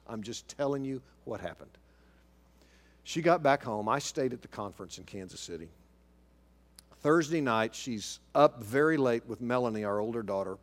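A middle-aged man from Oklahoma preaching, telling a story with lively delivery and dropping to a hushed voice when quoting others. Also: mid-range voice. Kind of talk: sermon storytelling.

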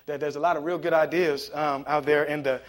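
A man, a pastor, preaching a conversational sermon that builds into loud, emphatic passages. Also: a little high, fairly even intonation, brisk.

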